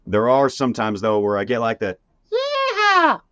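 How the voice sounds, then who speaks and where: Low-voiced podcast guy, laid back, cusses a lot, dry mic. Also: steady tone, a little fast, no room sound. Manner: laid-back, swears freely, voices quotes. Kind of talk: casual podcast chat.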